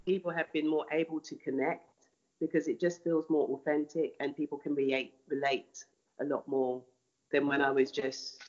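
A woman's voice: sits low, muffled recording. A woman artist answering interview questions thoughtfully, often restarting and repeating words.

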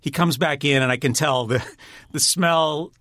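With a slightly high, fairly bright voice and a moderate pace, a director-writer guest recounts stories in a casual interview. He's chatty, laughs a lot, and keeps restarting sentences, and the recording has no room sound.

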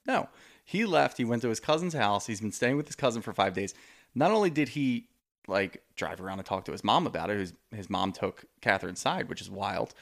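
A man's voice: fairly low pitch, animated, a little fast, gravelly. A man co-hosting a podcast, recapping a reality show in casual, rambling chat full of "like.". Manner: rambling, hedging with "like". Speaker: podcast co-host.

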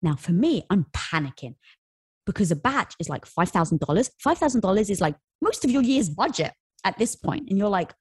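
Guest, woman, 40s, husky, dry studio sound, animated storyteller. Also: mid-range voice, fairly quick, dry recording. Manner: animated storyteller, acts out quotes. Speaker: podcast guest, entrepreneur. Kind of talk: casual interview storytelling.

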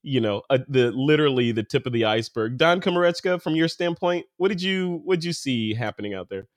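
A man's voice: mid-range voice, lively intonation, dry recording, clean studio sound. A man hosting a photography podcast in a casual, joking, chatty way. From California. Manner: chatty, joking, fast asides. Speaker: podcast host. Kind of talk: casual chat.

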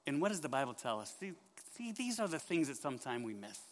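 A man preaching a sermon in church, telling a story with lively questions to the congregation. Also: mid-range voice, fast talker, big-room sound. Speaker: pastor.

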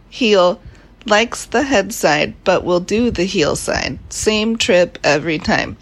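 A woman listener with a sleepy morning voice, recorded on her phone in bed, slowly reading out a horse ad. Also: mid-range voice. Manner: reads haltingly, drawling, laughs at the text. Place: in bed at home.

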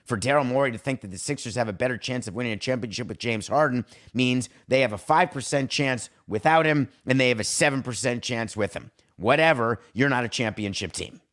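A man hosts a sports talk podcast in a medium-pitched voice, delivering an opinionated monologue. He speaks emphatically and acts out imagined exchanges between teams and players with sharp swings in pitch. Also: a little fast, few pauses. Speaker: podcast host.

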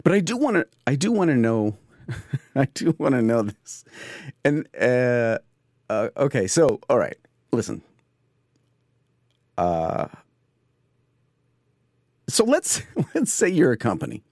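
An excitable man hosts his podcast in a rambling comedic monologue. His pitch swoops and jumps all over, and his voice sits in a dry, close studio sound. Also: slow pace, pauses often, no echo. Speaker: podcast host. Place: home studio.

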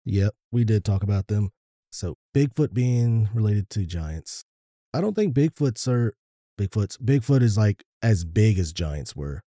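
A man with a low, very dark and mellow voice. He co-hosts a casual podcast and chats in a relaxed way, dropping in wry asides. The recording is close and dry. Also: unhurried, dry recording. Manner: laid-back, wry asides. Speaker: podcast co-host.

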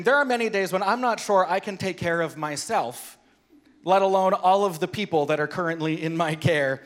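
A man, a pastor preaching a sermon, telling personal stories in an animated, self-deprecating way. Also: high voice, moderate pace.

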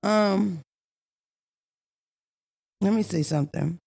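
A woman with a Philadelphia accent runs a casual comedy podcast, swearing freely and telling stories with big energy. Her voice has a gravelly, fry-laced texture. The sound is close and dry, with no room around it. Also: mid-range voice, slow pace, no echo. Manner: brash, profane, animated storytelling. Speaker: podcast host.

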